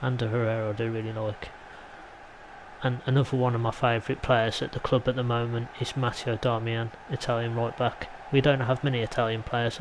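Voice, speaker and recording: English guy chatting over his football game, pretty monotone, bit of background hiss. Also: mid-range voice, rough recording. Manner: chatty, rambling, mild asides. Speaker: gaming YouTuber. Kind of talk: casual gameplay commentary.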